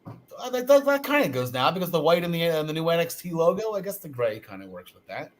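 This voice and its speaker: A man hosting a chatty podcast over a video call, his voice sitting a little high and swinging up and down with lively, playful intonation. He jokes with his co-hosts and steers the talk along. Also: fast talker. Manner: joking, steers the segments. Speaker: podcast host. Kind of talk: casual chat.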